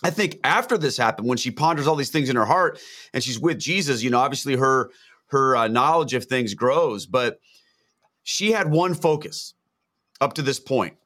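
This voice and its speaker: A man's voice: mid-range voice, expressive, moderate pace, a bit bright. Earnest man reflecting on faith. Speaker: guest on a Gospel reflection show.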